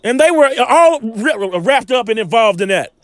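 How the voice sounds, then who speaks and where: A man's voice: very high-pitched, animated, moderate pace, no room sound. A man giving informal scripture teaching, reading verses aloud and breaking in with emphatic rhetorical questions. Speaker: Bible teacher.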